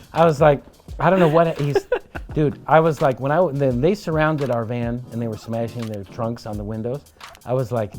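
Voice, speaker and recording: With faint music playing behind him, a man speaks at a moderate pace in a mid-range voice. He's a trial lawyer appearing as a podcast guest, animatedly recounting a wild travel story over drinks, full of swearing.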